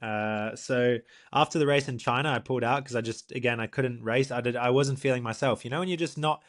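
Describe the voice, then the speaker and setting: Young man, podcast co-host, animated storyteller, acts out quotes, casual chat. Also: mid-range voice, a little fast. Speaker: podcast co-host, professional triathlete.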